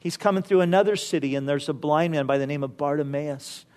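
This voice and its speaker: A man with a notably high voice preaches a sermon. He tells stories in an easy, conversational way and often drops in casual asides to the listeners. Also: a little fast, a little mellow. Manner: conversational storytelling with frequent "you know" asides.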